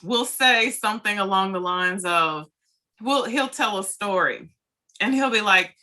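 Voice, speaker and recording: A woman's voice: medium pitch, a little slow, pushed and bright. A woman hosting a casual conversation, telling a personal story in a chatty way and mimicking what others said. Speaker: host. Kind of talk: casual chat.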